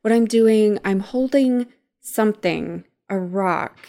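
A woman's voice: medium pitch, slow pace, warm tone. A woman voicing a teenage girl under hypnosis, reading her lines aloud with rising wonder.

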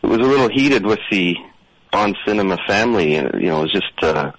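A man playing a meek, rambling caller phoning in to a radio show, halting and apologetic, with a dry mouth. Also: on the low side, animated, a bit bright, low-quality recording. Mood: hesitant.

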